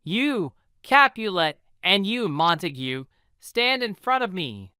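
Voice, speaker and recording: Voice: medium pitch, very animated, slow, bright, forceful tone, clear, resonant tone, no room sound, clean studio sound, voice pushed up, exaggerated voice. A reader voicing a stern prince who scolds the city's leaders, in a storybook reading for English learners. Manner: commanding, scolding. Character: stern commanding prince, ruler of the city.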